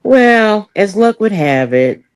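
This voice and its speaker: A woman's voice: mid-range voice, takes it slowly, smooth. An older woman, a comedian guest, telling candid, profane stories in an interview and acting out the people in them. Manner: profane, animated storytelling with voiced quotes.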